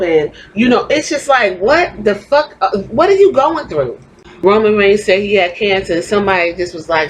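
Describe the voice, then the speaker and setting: A woman's voice: medium pitch, expressive, moderate pace, poor audio. Woman, podcast host, exasperated profane rant, faint noise behind.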